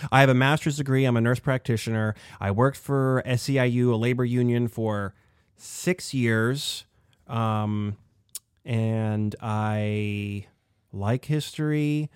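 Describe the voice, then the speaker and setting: A man's voice: medium pitch, steady tone, slow pace, smooth, no echo, studio quality. A middle-aged man from the Pittsburgh area hosting a podcast, chatting casually and rambling in a self-deprecating way with fillers. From Pittsburgh area, USA. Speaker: podcast host.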